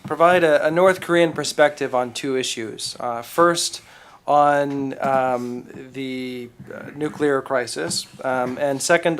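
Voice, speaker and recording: Measured man giving academic panel remarks. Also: mid-range voice, fairly bright tone. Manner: measured, with small repetitions.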